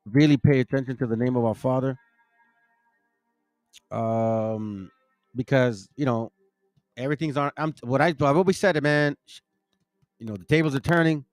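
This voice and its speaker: A man's voice: mid-range voice, moderate pace, long pauses, no echo, soft background music. Man teaching scripture in a dry, close sound. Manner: rambling, self-correcting, stumbles over names. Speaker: bible teaching channel host. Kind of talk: casual religious teaching and scripture reading.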